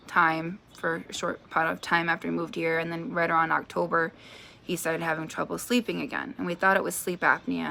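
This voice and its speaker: A woman's voice: fairly low pitch, vocal fry, bright, forceful tone, slight background noise. A woman in her thirties telling a personal story in a vlog, chatty, with lots of fillers. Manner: chatty, lots of fillers, acts out quoted voices. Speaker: vlogger.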